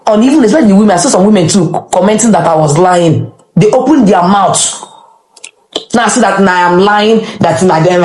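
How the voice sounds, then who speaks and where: An impassioned woman speaks as an interview guest, repeating phrases for emphasis as she answers her critics. Her voice sits at a middling pitch for a woman. The room around her is noticeably echoey. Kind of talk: emotional conversational interview.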